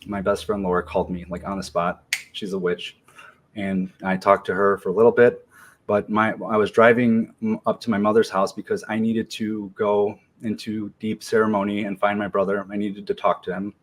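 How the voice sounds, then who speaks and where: A man in his forties, a podcast guest, telling a personal story in a relaxed, slangy way with many ums and restarts. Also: fairly low pitch, moderate pace, slight background noise. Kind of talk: casual storytelling interview.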